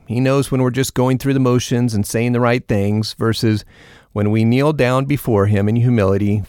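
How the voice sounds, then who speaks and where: A man hosting a devotional scripture reading, opening with prayer and reading in a measured, earnest way. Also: medium pitch, a little mellow, dry recording, clean studio sound. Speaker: Bible reader and host.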